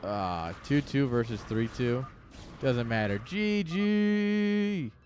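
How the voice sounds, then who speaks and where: Excitable male game caster, joking. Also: mid-range voice, a little slow, a little hiss or hum. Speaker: esports caster. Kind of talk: live game commentary.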